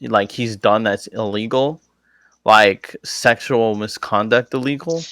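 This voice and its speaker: A man's voice: fairly low pitch, takes it slowly, a bit bright, dry recording. A man, a guest on a podcast, talking casually and rambling with lots of fillers. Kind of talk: casual chat.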